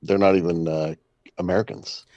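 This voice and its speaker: A man from Canada co-hosting a podcast, talking haltingly in casual chat with many fillers and chuckles. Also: deep voice, flat delivery, dark tone, no echo. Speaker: podcast co-host. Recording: dull lo-fi sound.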